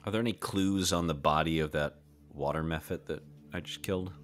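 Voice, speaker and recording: A man playing a tabletop game, relaxed and joking. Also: very deep voice, a little fast. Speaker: player. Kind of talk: casual tabletop play.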